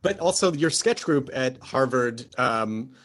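Husky-voiced male interviewer. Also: medium pitch, expressive, a little slow, a bit bright. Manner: brief, curious follow-up questions. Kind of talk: casual interview chat.

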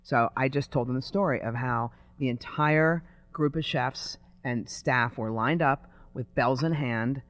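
A man telling a story in conversation in an animated way. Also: mid-range voice, unhurried, hardly any pauses, dry recording.

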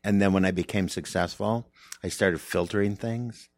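Low-voiced man, gravelly, earnest rambling comic in conversation, dry close sound. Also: fairly even intonation, moderate pace, a little mellow, no echo. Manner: earnest, reflective, rambling with restarts. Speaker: stand-up comedian, guest. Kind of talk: candid interview conversation.

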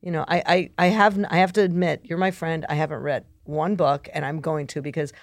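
A woman's voice: deep voice, fairly even intonation, brisk, no room sound. A woman host from New Jersey with a New Jersey accent, chatting casually in a rambling, self-interrupting way. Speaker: talk show host. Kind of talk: casual chat.

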